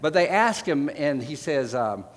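A man preaching a sermon, retelling scripture stories in a casual, conversational way, pausing with fillers and correcting himself as he finds verses. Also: fairly high pitch, lively intonation, big-room sound. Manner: frequent fillers and self-corrections while finding verses.

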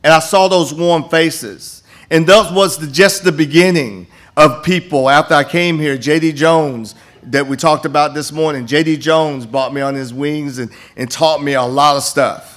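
Speaking at a moderate pace with few pauses, this older campus minister has a slightly high, steady, somewhat bright voice. He gives an appeal and testimony to a congregation in the church sanctuary, telling folksy stories and restarting often.

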